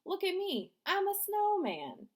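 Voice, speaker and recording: A woman puts on a goofy schoolboy in a storybook reading, his voice pitched up high and loud. He bounces from joke to joke, eager and pleading to be found funny. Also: expressive, brisk. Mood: joking.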